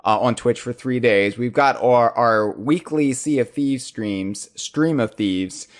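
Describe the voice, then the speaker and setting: A man hosting a podcast, chatting casually and joking in quick, animated bursts. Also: medium pitch. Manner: jokey, animated, fast bursts. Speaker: podcast host.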